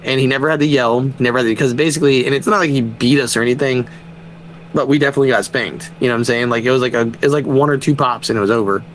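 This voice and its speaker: Man telling animated stories, swearing freely. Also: mid-range voice, racing, a little hiss or hum, poor audio. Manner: animated storyteller, swears freely, laughs often. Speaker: podcast co-host; father. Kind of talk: casual chat.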